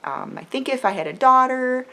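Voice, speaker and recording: A woman's voice: high voice, expressive, normal speed, vocal fry, fairly bright tone. A middle-aged woman talking to camera in a chatty, earnest way, with many fillers and quoted voices. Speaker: homeschool mom vlogger. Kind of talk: casual talk to camera.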